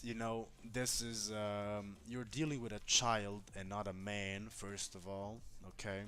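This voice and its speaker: A man's voice: lowish voice, flat delivery, a little slow, hardly any pauses, bright, forceful tone, clean tone, faint music behind. A man chatting casually on a live stream, giving blunt, profane, reassuring relationship advice straight to a viewer.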